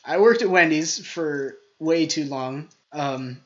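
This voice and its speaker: A young man co-hosts a comedy podcast in loose, casual chat. He tells stories in an animated, rambling way and keeps jumping between jokes. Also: fairly high pitch, takes it slowly, dull audio. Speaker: podcast co-host.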